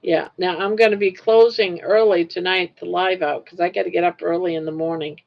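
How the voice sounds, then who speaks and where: A woman's voice: on the low side, steady tone, fairly quick, creaky. An older woman host chatting casually with livestream viewers while crocheting, rambling and laughing easily. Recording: lo-fi livestream audio.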